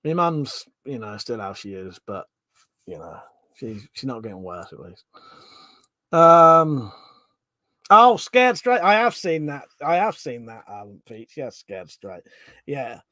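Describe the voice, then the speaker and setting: His medium-pitched voice is sing-song, slow and sharp, recorded dry at studio quality. He's hosting a relaxed livestream, going through viewer comments while cursing and laughing a lot.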